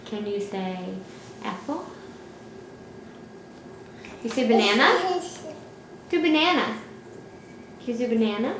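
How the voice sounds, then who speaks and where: A woman's voice: high voice, lively intonation, unhurried, pauses often, a bit bright. A woman patiently coaxing her toddler to say words at home, asking the same short questions again and again in a sing-song way. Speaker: parent filming her toddler. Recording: echoey room with faint background hiss.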